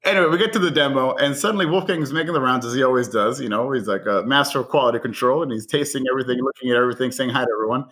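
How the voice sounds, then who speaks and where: A man from Guatemala, a chef guest on a podcast, telling anecdotes in an excitable way, acting out quoted voices and laughing often. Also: mid-range voice, rapid-fire, few pauses. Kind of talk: animated anecdotal storytelling.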